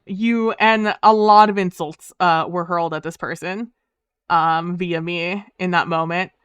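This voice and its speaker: A woman chatting casually on a livestream, her voice smooth and clear. The sound is dry and close, with no room around it. She swears freely, speaks in quick, heated bursts and leans on "um" and "like". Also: fairly low pitch, fairly even intonation, fairly bright tone, dry recording. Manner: frequent fillers like "um" and "like". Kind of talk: casual storytelling to a live chat.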